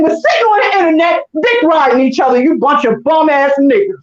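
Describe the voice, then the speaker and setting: A woman's voice: high voice, animated, a little fast, hardly any pauses. A woman co-hosting a casual chat, ranting heatedly and with heavy profanity. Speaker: co-host. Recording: echoey dull lo-fi room.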